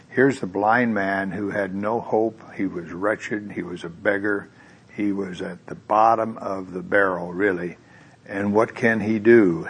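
A man's voice: lowish voice, slightly rough. A man preaching a sermon, who talks in a conversational way with tag questions and then leads into prayer. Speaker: pastor.

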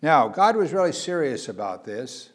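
A man preaching a sermon, earnest, swinging between loud emphasis and quiet asides, with frequent hesitations. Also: medium pitch, very animated, normal speed. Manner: earnest, varies loudness for emphasis, frequent uh fillers.

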